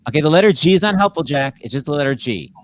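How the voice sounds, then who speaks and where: A male host giving word-game clues on a video call, with deadpan teasing. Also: a little high, rapid-fire.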